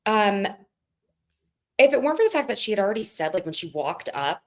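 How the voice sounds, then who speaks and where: A woman guesting on a podcast, gossiping in giggly, animated casual chat. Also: medium pitch, brisk.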